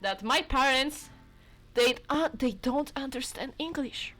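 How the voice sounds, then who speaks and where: A woman's voice: high-pitched, expressive, measured pace, a bit bright, soft background music. A young woman streaming a game, giggly, apologetic and playful in casual chat.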